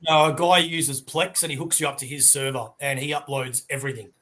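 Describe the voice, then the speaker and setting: A man chatting casually on an online hangout show, animated and acting out quotes as he retells a show. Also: medium pitch, a little fast. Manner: animated storyteller, acts out quotes.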